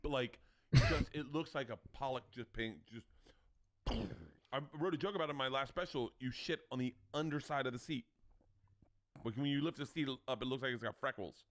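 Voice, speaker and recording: A man co-hosting a comedy podcast, talking loudly and excitedly and laughing often. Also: medium pitch, normal speed. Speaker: comedian co-host. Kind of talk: casual podcast banter.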